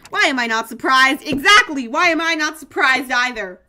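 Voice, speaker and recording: A young woman streaming a game, chatting casually, reading the story text aloud and breaking into playful, excited outbursts. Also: high voice, normal speed, soft background music. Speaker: gaming streamer.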